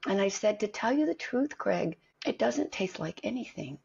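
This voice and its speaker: Middle-aged woman, husky voice, lively storyteller, dull lo-fi sound. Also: medium pitch, normal speed. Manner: animated storyteller, acts out quoted voices. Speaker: acting coach and guest. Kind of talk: storytelling in a conversation. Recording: dull lo-fi recording.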